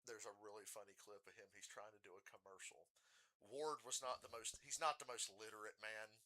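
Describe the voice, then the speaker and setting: A man streamer rambling through casual stories during a live reaction. His voice is very bright, and he swears freely as he talks. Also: on the low side, fairly even intonation, brisk, no room sound.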